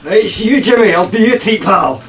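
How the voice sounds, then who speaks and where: A brash young Scottish chav, as a man puts him on, cocky and slangy, with a voice that leaps up high and swoops all over. The voice sits a little back from the mic, with some background noise. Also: expressive, moderate pace, a bit bright, recorded from a distance. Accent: put-on Scottish. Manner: slangy, swaggering.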